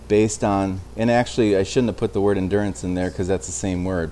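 A man's voice: deep voice, fairly even intonation, moderate pace, darkish tone, slight background noise. A man teaching an informal Bible study in a conversational way, often restarting phrases and checking in with his listeners. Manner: conversational, with frequent restarts and tag questions.

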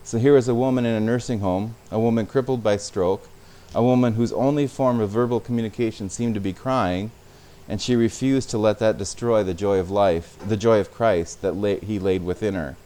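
Man, pastor preaching, low voice, conversational, repeats himself. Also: normal speed, few pauses, mellow. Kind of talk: sermon.

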